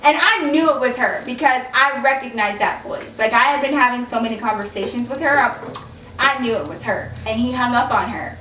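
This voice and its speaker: A woman's voice: a little high, fairly bright tone, slight background noise. A young woman telling a casual storytime vlog, chatty and frank, swearing freely. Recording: echoey room, mic a little far off.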